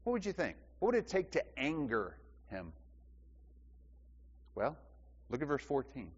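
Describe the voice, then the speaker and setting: Delivering a sermon at a measured pace, a male pastor speaks in a slightly rough, medium-pitched voice with huge swings in pitch. He questions his congregation and repeats phrases to drive points home, captured in a dull recording with long hall reverb.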